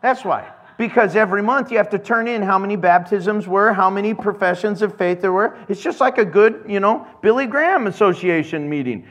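A man with a fairly high voice preaches to his congregation in a relaxed, chatty way. He acts out everyday scenes, slipping into quick voices for the people in his stories. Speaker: pastor. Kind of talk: casual sermon.

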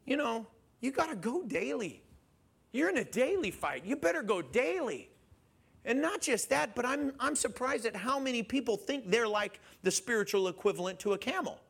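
A man preaching a sermon in an animated way, questioning his listeners and chuckling as he goes. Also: extremely high pitch, moderate pace, gravelly, breathy edge. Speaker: pastor.

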